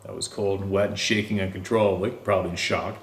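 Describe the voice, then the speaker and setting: A man with a lowish voice reads a first-person story aloud. He takes it slowly and deliberately, drawing out his pauses. The sound is echoey, as though he is in a bare room. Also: level tone. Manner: slow, deliberate reading with drawn-out pauses. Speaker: story narrator. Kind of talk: scripted narration of a first-person encounter story.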